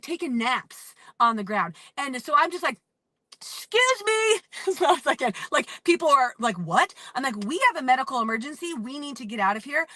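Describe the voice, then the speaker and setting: A woman in her thirties telling a personal story as a motivational talk, animated and emphatic, acting out the lines of the people in it. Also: sits high, no echo. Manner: animated, acts out quotes, emphatic. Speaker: motivational speaker. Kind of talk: storytelling monologue.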